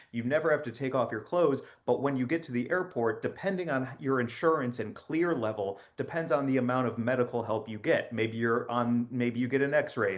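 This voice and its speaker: A man's voice: medium pitch, lightly acted. A man playing a rambling spy agency spokesman. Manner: rambling, offhand, deadpan, many fillers. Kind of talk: satirical comedy monologue.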